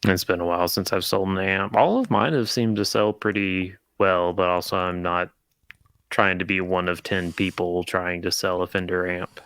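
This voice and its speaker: A man's voice: low voice, steady tone, normal speed, fairly bright tone, clean tone, no echo. A man co-hosting a podcast, chatting casually with short laid-back replies. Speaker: podcast co-host. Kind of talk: casual chat.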